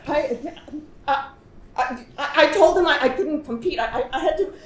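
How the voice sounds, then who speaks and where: Brief: a woman plays a prim, stammering Australian activist, high lively voice, echoey room. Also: normal speed. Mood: flustered. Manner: stammering, flustered. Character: prim adult woman activist podcaster Esty, defensive. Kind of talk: stage play performance. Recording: echoey room with faint noise.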